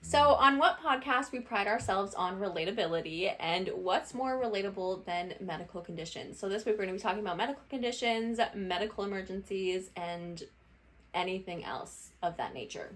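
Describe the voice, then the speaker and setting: A woman's voice: medium pitch, lively intonation, fairly quick, a bit bright. A woman in her late twenties, co-hosting a podcast and telling stories in a chatty, friendly way. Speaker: podcast co-host. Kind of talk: casual chat.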